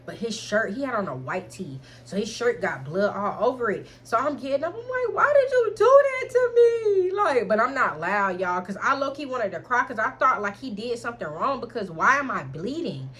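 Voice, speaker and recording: A woman's voice: mid-range voice, expressive, a little fast, few pauses, sharp tone, a little hiss or hum. A young adult woman vlogger telling a candid storytime in frank slang, keeps addressing listeners as y'all.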